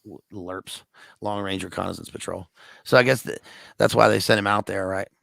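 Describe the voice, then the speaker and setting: Gravelly, laid-back man talking film. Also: low-pitched, steady tone, moderate pace, fairly bright tone, dry recording, clean studio sound. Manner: laid-back, slangy, says "dude" and "right?". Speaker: podcast guest. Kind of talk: casual film-discussion chat.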